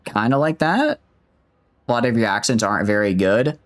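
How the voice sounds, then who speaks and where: A man's voice: mid-range voice, lively intonation, moderate pace. A man streaming a video game, chatting casually and rambling in a self-mocking way with many restarts. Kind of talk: casual let's-play commentary.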